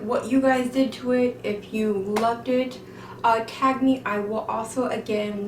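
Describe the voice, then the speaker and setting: A woman's voice: fairly high pitch, a little hiss or hum. A middle-aged woman hosting a casual home cooking vlog, chatty and jokey, poking fun at herself. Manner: chatty, jokey and self-deprecating. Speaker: cooking channel host.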